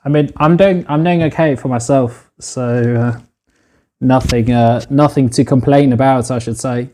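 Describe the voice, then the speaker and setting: A man's voice: mid-range voice, fairly even intonation, unhurried, darkish tone. A man streaming himself cooking in a home kitchen on a phone, chatting casually, swearing freely and calling his viewers "boys". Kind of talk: casual live-stream chat while cooking.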